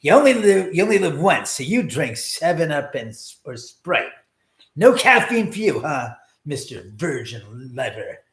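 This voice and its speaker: A man putting on an impression of a gruff male comedian, ranting in an exasperated, profane way. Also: a little high, big pitch swings, measured pace. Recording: echoey room.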